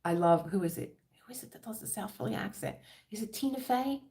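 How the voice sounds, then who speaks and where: A woman's voice: medium pitch, expressive, a little fast, gravelly, dark tone. A middle-aged woman with a Philadelphia accent chatting casually on a crafting livestream, rambling and laughing often. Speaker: diamond painting livestream host.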